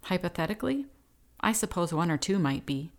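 Lady doing a drunk crude judge guy, slurry and barky, kinda low. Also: very animated, a little fast. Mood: drunk gruff. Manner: slurred, gruff barking.

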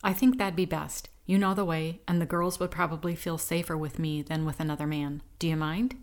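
Woman reading protective woman rescuer, low-pitched, firm, reassuring, audiobook. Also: fairly even intonation, a little fast.

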